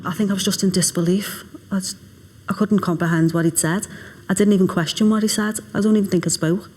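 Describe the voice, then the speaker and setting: Flat-voiced mother, quietly halting. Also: mid-range voice, slight background noise. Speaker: mother of victim. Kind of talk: documentary interview recollection.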